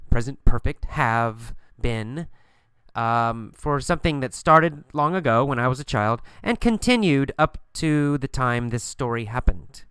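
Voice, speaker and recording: A man's voice: mid-range voice, clean tone, dry recording. A man teaching English, telling a short story to practise tenses and then chatting casually about it with many fillers, recorded at home. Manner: relaxed, many fillers, acts out story lines. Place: bedroom at home.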